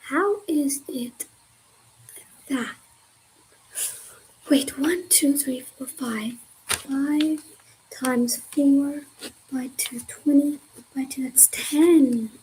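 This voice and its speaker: A woman's voice: sits high, drawn-out words, pauses often, a little mellow, low-quality recording. A young woman on a study livestream, thinking aloud in a casual, slangy way as she mutters and half-whispers through problems. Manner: casual, slangy, swears freely. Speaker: student livestreamer.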